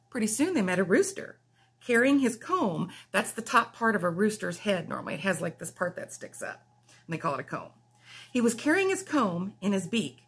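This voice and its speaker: A woman's voice: a little high, fairly bright tone, breathy edge. A woman reading a picture book aloud to children, switching into playful voices for the animals and laughing along. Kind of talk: storybook read-aloud for children.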